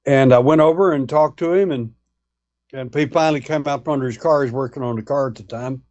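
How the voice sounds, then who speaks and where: A man's voice: mid-range voice, fairly quick, a little mellow, highs cut off. A man telling a long story in a folksy way, acting out the people he quotes. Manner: folksy, acts out dialogue in retelling. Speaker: guest, alien abduction researcher. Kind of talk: storytelling anecdote.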